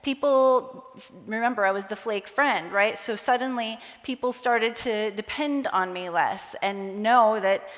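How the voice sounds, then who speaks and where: A woman giving a conference talk on stage, lively and acting out quoted voices. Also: fairly high pitch, moderate pace, few pauses. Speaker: conference speaker. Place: conference hall. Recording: long hall reverb.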